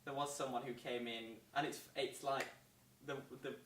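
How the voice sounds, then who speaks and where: A young man, a student guest on a talk show, telling animated anecdotes and laughing along. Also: mid-range voice, moderate pace, a little hiss or hum. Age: young adult. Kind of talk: casual storytelling on a talk show. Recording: roomy sound from a distant mic.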